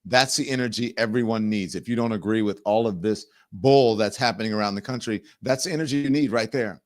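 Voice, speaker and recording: A man's voice: lowish voice, a little fast. A man hosting a live commentary show, conversational and emphatic. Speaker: show host.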